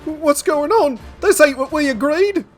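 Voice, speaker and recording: A man doing a panicked captive man, shrill shouted pleading, high and loud, game music faint. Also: measured pace. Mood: terrified.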